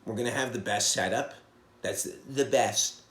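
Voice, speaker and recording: Profane comedian ranting in echoey room. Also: male voice, normal speed. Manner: profane, blunt, swings between loud outbursts and low mutters. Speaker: comedian and podcast host. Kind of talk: casual monologue rant.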